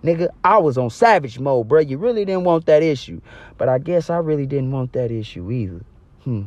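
A man's voice: mid-range voice, lively intonation, fairly quick, a little mellow, no echo, muffled recording. A young man telling a personal story to the camera, casual, slangy and full of profanity. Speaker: storyteller vlogger.

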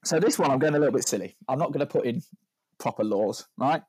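A man's voice: medium pitch, lively intonation, fast, a little mellow, slightly rough, no room sound. Rambling joking man. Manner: rambling, jokey, stacks up "right?" tags. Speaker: podcast co-host. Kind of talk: casual chat.

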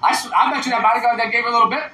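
A brash man with a high, bright voice argues crudely in casual podcast chat. He sits back from the mic in an echoey room with a faint hiss behind. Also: racing. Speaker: podcast co-host. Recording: roomy, distant mic with faint noise.

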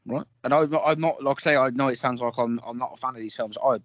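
A man's voice: medium pitch, fast, a bit bright, no room sound, lo-fi sound. A man co-hosting a casual film podcast, rambling and correcting himself as he works through strong opinions. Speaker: podcast co-host.

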